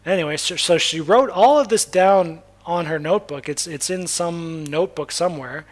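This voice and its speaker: A young man from Massachusetts speaks in a slightly higher-than-usual voice as he tells a long personal story. He talks loosely and candidly, restarts his sentences often and swears freely. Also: moderate pace. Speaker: spiritual vlogger. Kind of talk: casual personal storytelling monologue.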